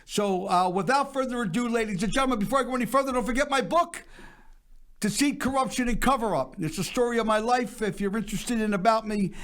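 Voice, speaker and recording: An older male variety show host who chats and rambles from story to joke. His voice sits higher than most men's, and he talks casually to his audience. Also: fast, a bit bright.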